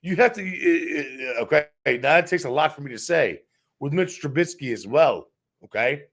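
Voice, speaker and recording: A man's voice: a little high, lively intonation, moderate pace, a bit bright. A man hosting a sports show, ranting in a heated, profane, repetitive way.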